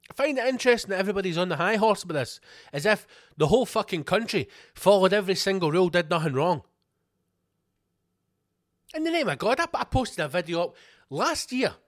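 A man's voice: high-pitched, lively intonation, fairly quick, no room sound, studio quality. A Scottish man hosting a podcast, ranting angrily with heavy swearing and repeated rhetorical questions. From Scotland. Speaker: podcast host. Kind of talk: ranting monologue.

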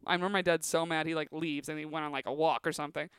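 A woman's voice: low-pitched, steady tone, rapid-fire, smooth, no echo. A woman in her thirties, a comedian guest, telling stories in a rambling, casual way full of filler words on a podcast. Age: 30s.

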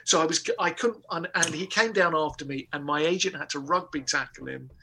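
A man telling a comic anecdote in a lively, casual way, with restarts and laughter. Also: a little high, fairly quick, creaky, breathy edge. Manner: animated storytelling with laughter and restarts. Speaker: guest comedian. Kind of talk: casual anecdote on a talk show.

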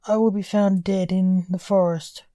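A woman's voice: mid-range voice, flat delivery, a little slow, warm tone, no echo, studio quality, natural voice. A woman voicing an impatient grim reaper. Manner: exasperated, scolding. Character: grim reaper, a man's soul, impatient grumbler.

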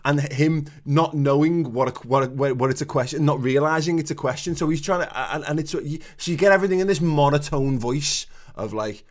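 A man in his thirties holds forth in a casual podcast chat. He rants and swears freely, his voice jumping up in pitch whenever he gets worked up. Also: a little fast, few pauses. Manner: sweary ranting, swings pitch up when worked up. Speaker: podcast co-host.

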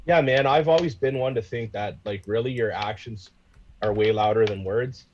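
A man from Canada speaking as a talk show guest, casual and earnest, with a husky voice. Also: lowish voice, moderate pace, darkish tone, highs cut off. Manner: earnest, casual, says "like" often.

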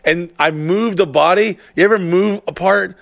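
A man's voice: high voice, normal speed, creaky, no echo. Profane storytelling man, dry close sound. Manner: profane, animated storytelling with acted-out quotes. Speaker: podcast co-host. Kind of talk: casual storytelling chat.

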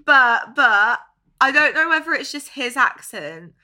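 A young woman co-hosting a chatty podcast. Her voice is very bright and sharp and sits a little high. She is playful and laughs often. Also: expressive, a little slow. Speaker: podcast co-host. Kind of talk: casual chat.

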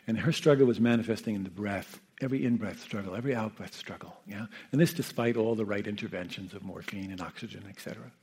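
Man, gravelly voice, husky, gentle unhurried storytelling, checks in with listeners. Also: lowish voice. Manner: gentle, unhurried, often asks "Yeah?" and "you know". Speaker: meditation teacher and hospice caregiver. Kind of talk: reflective storytelling talk.

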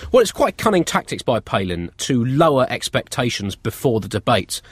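A man co-hosts a comedy podcast, spinning deadpan, absurd riffs and chuckling at his own lines. His pitch swoops up and down freely. The recording is dry and close. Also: moderate pace, breathy edge, no room sound. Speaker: podcast co-host. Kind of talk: scripted comic chat.

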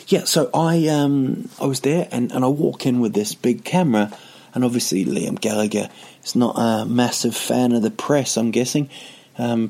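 A man's voice: mid-range voice, gravelly, a little mellow, slightly rough. A male comedian telling a long, rambling story casually, full of digressions and self-mocking asides.

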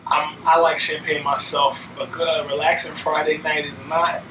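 A male interviewer asking relaxed, curious questions in a casual, joking manner. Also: fairly high pitch, moderate pace, reverberant, far from the mic, noisy background.

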